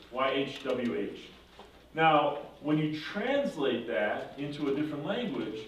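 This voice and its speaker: A man's voice: medium pitch, a little hiss or hum. Brief: male confirmation teacher, casual and conversational, far from the mic in a roomy space. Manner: conversational, checking in with 'right?'. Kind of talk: casual classroom lesson. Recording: echoey room from far off.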